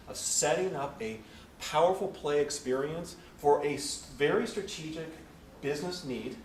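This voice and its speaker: A man leading a conference session, telling a work story and acting out the people in it. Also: mid-range voice. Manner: animated storyteller acting out quotes. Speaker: session leader. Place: conference room. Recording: echoey room from far off with noise.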